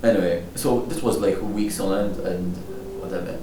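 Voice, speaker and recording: A man's voice: deep voice, steady tone, moderate pace. A young man who hosts a podcast, chatting casually, rambling and joking with frequent laughs. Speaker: podcast host. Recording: roomy echo, distant mic, faint noise.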